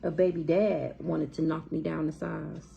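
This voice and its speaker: Woman tarot reader, blunt and profane, gravelly voice; dull lo-fi recording. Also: low-pitched, flat delivery, moderate pace, slight background noise. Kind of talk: casual tarot storytime monologue.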